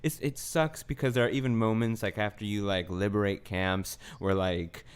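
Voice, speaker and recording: A man co-hosting a gaming podcast, chatting casually and reacting with excitement. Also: fairly low pitch, normal speed, clear, resonant tone. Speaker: podcast co-host. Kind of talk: casual chat.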